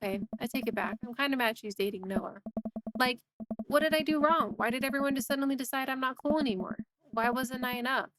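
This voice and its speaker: A woman's voice: high voice, quick pace, fairly bright tone. A woman reading a hurt teenage daughter, venting. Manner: rambling, emotional venting. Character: upset teenage girl, hurt by friends. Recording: music playing behind.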